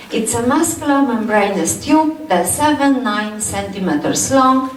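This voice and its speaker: Halting woman lecturing in an echoey hall. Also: fairly high pitch, recorded from a distance, slight background noise. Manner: halting, many fillers and repeated "yes". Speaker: anatomy lecturer. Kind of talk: university lecture.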